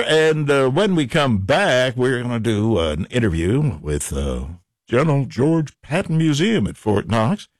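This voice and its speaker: A man's voice: mid-range voice, unhurried, dry recording, clean studio sound. A man hosting a casual radio morning show, joking and rambling while he has the hiccups. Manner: jokey, rambling, animated.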